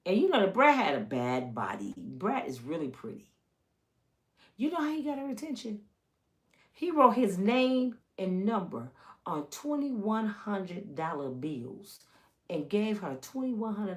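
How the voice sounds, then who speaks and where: A woman's voice: on the low side, sing-song, a little slow. A middle-aged woman from the United States chatting casually and teasingly as a channel host, drawling and chatty. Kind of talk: casual gossip commentary.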